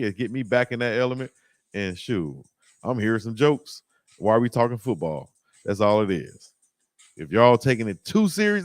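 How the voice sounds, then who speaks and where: A man's voice: fairly high pitch, dry recording, studio quality. Laughing, slangy man hosting a live stream. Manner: animated, laughing, slangy banter. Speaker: live-stream show host. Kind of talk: casual live-stream chat.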